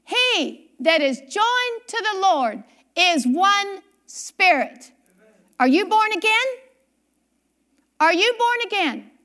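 A woman preaches a sermon in a very high, bright voice that rises and falls a great deal. She takes her time, reading scripture slowly and repeating key phrases for emphasis. She often puts questions straight to her listeners. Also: very animated. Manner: questions the congregation directly.

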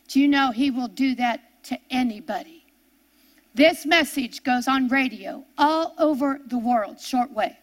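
A woman preacher telling a story in a sermon, repeating her words and swinging between emphatic and hushed delivery. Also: sits high, unhurried.

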